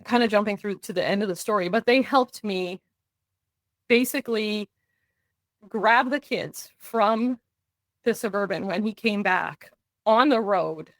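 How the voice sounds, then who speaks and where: A young woman guest recounts a personal story in a podcast interview, speaking a little slowly in a mid-range voice and pausing often. There's no room sound. She tells it earnestly, in vivid runs of events, acting out other people's words.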